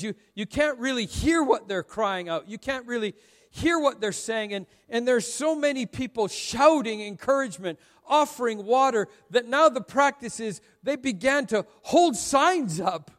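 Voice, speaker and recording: A high-pitched male pastor preaches in a church sanctuary, his voice trailing off into a long hall reverb. He stumbles and repeats his opening words, builds to ringing calls, and then sinks to a near-hushed tone. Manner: stammering restarts, rising to shouts then dropping to hushed prayer. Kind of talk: sermon.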